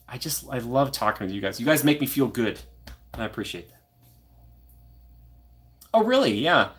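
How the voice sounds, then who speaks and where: A man's voice: mid-range voice, fairly bright tone. A young man from Minnesota hosting a casual live stream, chatting and answering viewer comments by name. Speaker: livestream host.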